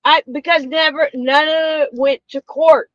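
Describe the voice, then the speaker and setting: A woman with a high voice co-hosts a loose political chat, pressing her points hard and repeating words for emphasis. The sound is close and dry, a little dull in the top end. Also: steady tone, a little slow, dry recording. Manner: emphatic, insistent, repeats phrases. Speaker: co-host.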